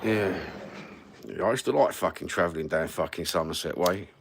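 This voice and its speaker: A man's voice: low-pitched, lively intonation, moderate pace, gravelly, slight background noise. A middle-aged man with a Cockney accent, rambling through sweary stories on a livestream. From East London, England. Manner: sweary, rambling, matter-of-fact. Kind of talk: rambling storytelling.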